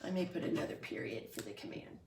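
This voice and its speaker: A middle-aged woman teaching a grammar lesson to young children, patient and explaining slowly with examples and questions. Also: darkish tone, slight background noise.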